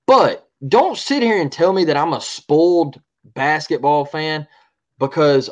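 A man rants through a sports podcast recap. He keeps circling back to the same point and punches his lines with "all right?" His voice sits a bit high for a man. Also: animated, a little slow. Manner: heated, repetitive, keeps asking "all right?". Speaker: podcast co-host.

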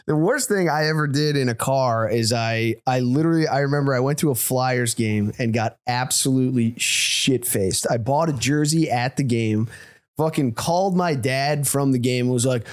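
A man guesting on a comedy podcast, excitable and quick to chime in with agreement. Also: mid-range voice, smooth. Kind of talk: casual storytelling chat.

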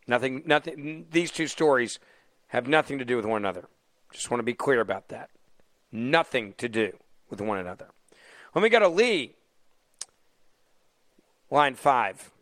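A man's voice: medium pitch, a bit bright, dry recording. A man hosting a talk radio show, mocking the news with heavy sarcasm and taking calls from listeners.

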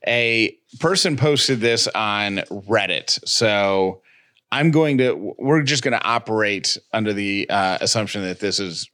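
A man co-hosting a podcast, reading ads and chatting casually in an animated, playfully argumentative way. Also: lowish voice, a little slow. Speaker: podcast co-host. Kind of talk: casual podcast chat and host-read ads.

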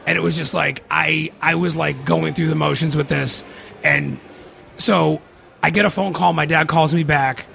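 A man's voice: a little high, steady tone, moderate pace, creaky, sharp tone, a little hiss or hum. A man telling a long personal story in casual podcast talk, rambling and swearing, with many fillers.

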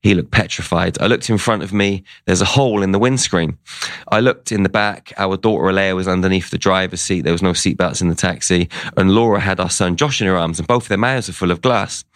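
Man, interview guest, low voice, dry close recording, casual storytelling. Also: a little fast, dry recording. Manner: tells a story by quoting people's words.

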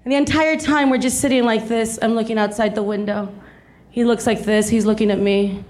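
A woman's voice: a little high, fairly even intonation, brisk, darkish tone. A woman in her thirties from South Texas, telling a stand-up story with chatty, laughing energy. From South Texas, USA. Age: 30s. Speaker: stand-up comedian. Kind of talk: stand-up comedy set. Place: comedy stage before a live audience. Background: audience laughter.

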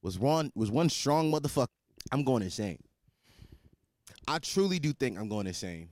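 A man's voice: medium pitch, sing-song, normal speed, a little mellow, no echo. Rambling, crude young podcast host man. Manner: rambling, restarts and repeats himself, crude joking; swears freely, slangy and blunt. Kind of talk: casual solo podcast monologue.

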